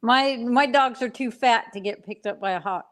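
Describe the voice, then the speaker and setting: A woman's voice: a little high, moderate pace. A woman chatting casually, mostly laughing and giving short replies. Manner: laughing, brief back-channel replies. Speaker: co-host. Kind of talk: casual chat.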